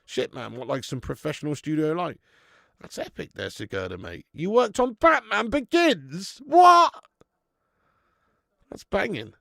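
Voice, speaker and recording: A man in his twenties calls a football match live for his fan channel, loud and excitable, swearing freely and bantering with chat. His voice sits high and has a gravelly edge. It is recorded close and dry. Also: normal speed, no echo. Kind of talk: live football watch-along commentary.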